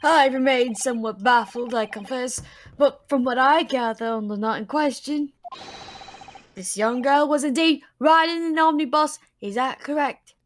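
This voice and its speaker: A woman's voice: high voice, normal speed, a little hiss or hum, lightly acted. A woman voicing a pompous male judge who scolds and presides over a trial. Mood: stern. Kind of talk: voicing game dialogue aloud.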